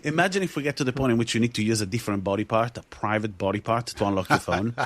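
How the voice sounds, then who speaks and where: A man hosting a podcast in casual chat, animated, laughing often and swearing freely. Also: lowish voice, rapid-fire. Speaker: podcast host.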